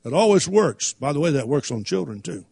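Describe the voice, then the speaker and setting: A man's voice: fairly high pitch, very animated, brisk, vocal fry, darkish tone, slightly rough. A man preaching a sermon, reading King James scripture and using folksy everyday stories.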